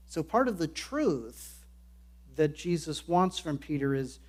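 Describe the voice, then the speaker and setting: This pastor speaks slowly in a fairly high, sing-song voice. He preaches with earnest conviction, taking on quoted voices and performing those lines while unpacking the passage.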